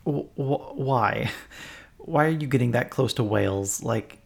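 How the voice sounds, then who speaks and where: A man's voice: medium pitch, animated, unhurried, gravelly. A man co-hosting a casual chat, giving wry comments and laughing at his own questions. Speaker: podcast co-host.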